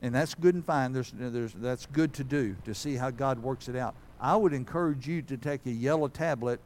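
A man's voice: medium pitch, normal speed, darkish tone, a little hiss or hum. A man, a pastor giving a folksy, conversational sermon that builds to fervent preaching.

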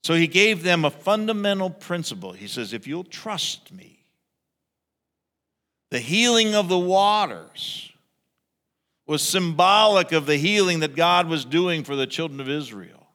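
Bright-voiced male pastor preaching in a hall. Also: on the high side, normal speed. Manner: animated, acts out crowds in raised voices. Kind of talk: sermon.

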